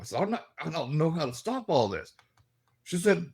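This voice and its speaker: Guy spinning wild stories, pitch jumping all over, laughing a lot. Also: moderate pace, long pauses, breathy edge. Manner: lively, laughing, acts out voices in his stories. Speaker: guest, paranormal investigator. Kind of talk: animated storytelling.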